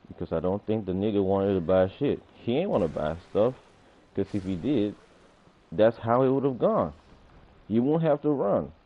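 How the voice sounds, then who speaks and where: Male streamer, low voice, profane animated rant, lo-fi phone-quality sound. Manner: profane, animated storytelling, acts out confrontations. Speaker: gaming streamer. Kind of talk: casual livestream rant. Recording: tinny phone-like audio.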